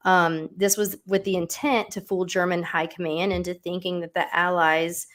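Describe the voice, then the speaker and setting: Lady host rambling thru a true crime story, low voice, chatty, loads of ums. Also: level tone, moderate pace. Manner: chatty, conversational, lots of fillers and asides.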